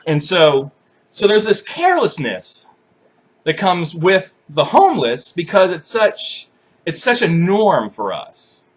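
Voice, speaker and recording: Brief: young male vlogger, profane self-mocking rant; fairly high, husky. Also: slow. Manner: swearing, animated, self-mocking. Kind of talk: profane comedic rant to camera.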